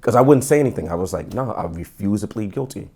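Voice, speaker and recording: Gravelly low-voiced man telling his story. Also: fast. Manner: animated, acts out quotes with stammering restarts. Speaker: podcast guest, former police officer. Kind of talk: casual storytelling interview.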